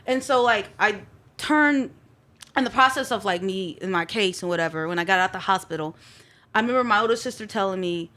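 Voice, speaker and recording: Lively woman telling personal stories. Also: medium pitch, brisk. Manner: lively, expressive, laughs while telling stories. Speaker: therapist and podcast guest. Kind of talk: candid storytelling in a group chat.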